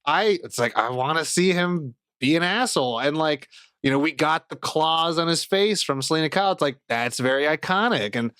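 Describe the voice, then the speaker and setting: Animated swearing podcast guy. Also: fairly high pitch, moderate pace, smooth, no room sound, clean studio sound. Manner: animated, swears freely, acts out quotes. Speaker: podcast co-host. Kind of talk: casual podcast chat.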